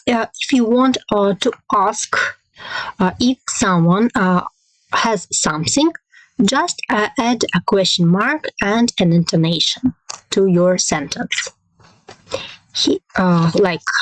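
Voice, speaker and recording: A woman with a mid-range voice teaches a language lesson, hesitating with plenty of fillers and modelling example phrases slowly and carefully. There's no room sound, but the recording quality is low.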